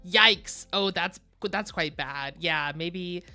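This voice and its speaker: A woman hosts a live stream in a quick, casual and chatty way. Her voice is fairly low yet bright and forward. Faint music plays underneath. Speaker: streamer host.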